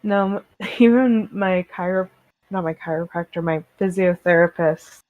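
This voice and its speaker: Woman, casual chat, laid-back, lowish voice, phone-like sound. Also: measured pace, dry recording. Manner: laid-back, laughs often. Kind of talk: casual late-night chat.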